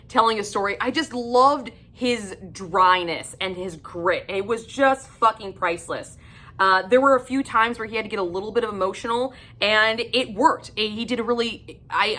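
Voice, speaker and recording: A woman casually reviewing a book in a vlog, excited and profane, laughing often and breaking into high squeals.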